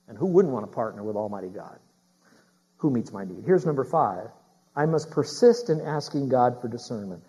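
A man preaching a sermon as pastor, talking straight to his congregation with questions and building to loud, emphatic preaching. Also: medium pitch, expressive, moderate pace, breathy edge, muffled recording.

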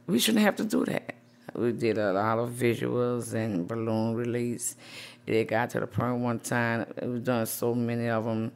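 A middle-aged woman, a grieving mother interviewed for a news report, speaking softly and emotionally with many "you know"s. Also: rumbling low, vocal fry. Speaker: grieving mother, support group founder.

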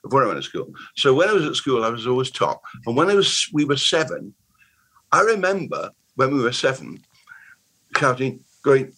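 An older man in his eighties speaks with a Bristol lilt and a husky, slightly rough voice at a middling pitch. He tells stories as a guest in a loose, rambling way, often restarting words mid-thought. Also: very animated, normal speed, a bit bright, rough recording. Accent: Bristol English. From Bristol, England. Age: 80s. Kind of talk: casual conversational storytelling.

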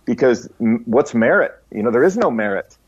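A man's voice: medium pitch, animated, brisk, slightly rough. A man co-hosting a chat podcast with a playful, teasing way of talking. His voice sits mid-range, and the audio is a little dull. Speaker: podcast co-host. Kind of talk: casual comedic chat.

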